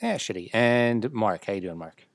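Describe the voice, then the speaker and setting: A man with a fairly low voice hosting a casual podcast, dry and a bit grumbly in his replies. The recording is close and dry. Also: animated, normal speed, gravelly, dry recording. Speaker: podcast host.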